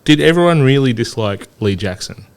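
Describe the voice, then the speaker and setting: A man hosts a laid-back studio podcast and cuts in with cheeky, profane jokes. His pitch is middling for a man but bounces up and down a lot. He fires quick questions at his guest. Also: expressive, smooth. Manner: joking, swearing interjections. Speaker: podcast host. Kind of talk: casual banter. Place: radio studio.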